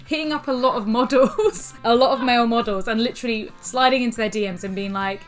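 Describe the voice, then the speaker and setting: A young woman talking in a loose, candid chat, blunt and quick to swear. She throws herself into the lines she quotes from her messages. Faint music sits under her voice. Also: a little high. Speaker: podcast co-host. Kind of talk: casual chat.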